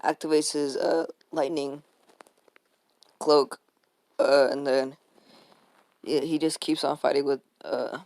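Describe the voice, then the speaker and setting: A man's voice: on the high side, little pitch movement, slow pace, gravelly, long pauses, a little mellow, dry recording. A man casually retelling a fan-made story, rambling along with lots of fillers, restarts and swearing.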